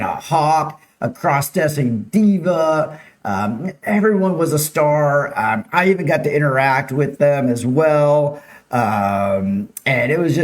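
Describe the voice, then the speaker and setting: A man hosting a casual live-streamed local news show, chatting with viewers and talking over slides. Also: a little high. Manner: chatty, upbeat, reads viewer names and slides aloud.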